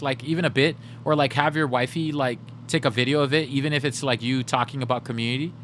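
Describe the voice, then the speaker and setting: A man's voice: mid-range voice, fairly bright tone, slight background noise. A male game streamer in casual livestream chat, joking and chatty as he reads chat aloud.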